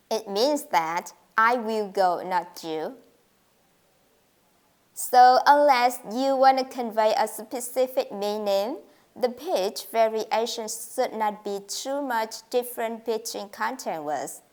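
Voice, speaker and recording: A woman teaching an English pronunciation lesson, speaking carefully and modeling intonation with example sentences. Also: a little high.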